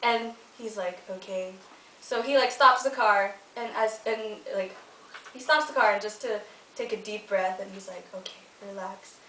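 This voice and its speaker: Casting: young woman from the Philippines, chatty and giggly storyteller, slightly high voice, echoey room from a distance. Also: normal speed, bright, forceful tone. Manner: chatty, giggly, full of "like" and restarts. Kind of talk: casual spoken ghost story. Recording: echoey room, mic at a distance, faint noise.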